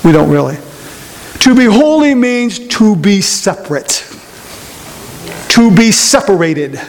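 A man preaching a sermon to a congregation, repeating key phrases and questioning the audience in a slow, emphatic delivery. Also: high voice, sing-song, slight background noise. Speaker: pastor. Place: church sanctuary. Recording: long hall reverb.

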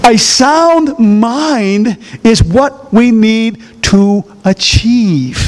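A man preaching a sermon who quizzes his congregation with fill-in-the-blank questions and breaks into shouts. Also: high voice, slight background noise. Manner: animated, bursts into shouts.

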